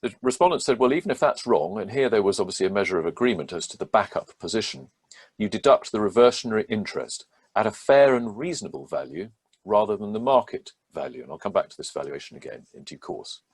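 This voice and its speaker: A man with a low, husky voice walks through a court ruling step by step. He speaks as a barrister would, measured and methodical, pausing often on ums and restarts. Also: animated. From England. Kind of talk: legal explainer talk.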